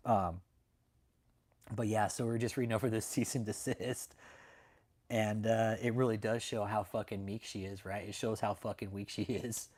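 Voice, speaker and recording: A man's voice: on the low side, steady tone, measured pace, pauses often, a little mellow. A young adult man hosting a channel, telling a story to his viewers in a brash, profane, casual rant. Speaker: channel host.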